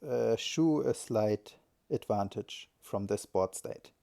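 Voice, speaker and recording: Slow, gravelly male game commentator. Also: fairly low pitch, dark tone. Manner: thinking aloud, hesitant, correcting himself. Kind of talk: live solo commentary.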